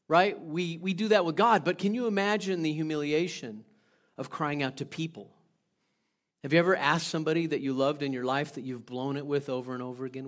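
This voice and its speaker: A man preaching a sermon in a conversational way, putting questions to the congregation and moving between loud stretches and hushed ones. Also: a little high, steady tone, a little fast. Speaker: pastor.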